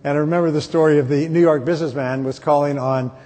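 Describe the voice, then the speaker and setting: A man's voice: on the high side, steady tone, quick pace, warm tone. A middle-aged man giving a motivational conference speech, emphatic and repetitive, with joking stories. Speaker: motivational speaker. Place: large conference hall. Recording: reverberant hall, from far off.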